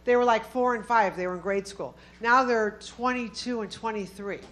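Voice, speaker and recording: A woman's voice: on the high side, normal speed, a bit bright. A woman in her fifties doing a punchy stand-up comedy routine in a comedy club, working the crowd. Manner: brash, punchy delivery with crowd work. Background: audience laughter.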